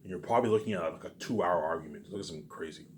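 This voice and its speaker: A man with a fairly low voice rushes through a rambling vlog monologue, circling back to the same points again and again. His talk is loose and profane, and a faint ambient hum sits behind him. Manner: rambling and repetitive, with frequent swearing. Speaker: vlogger. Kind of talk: casual rambling monologue to camera.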